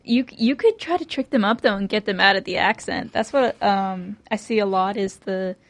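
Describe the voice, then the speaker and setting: A young woman co-hosting a casual podcast, relaxed and chatty, often murmuring agreement. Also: mid-range voice, normal speed. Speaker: podcast co-host. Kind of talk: casual chat.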